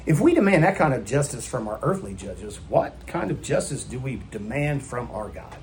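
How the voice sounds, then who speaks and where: A man's voice: medium pitch, very animated, moderate pace, hardly any pauses, a little mellow, slight background noise. A man preaching a sermon in a church, emphatic and full of rhetorical questions put to the congregation. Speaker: pastor.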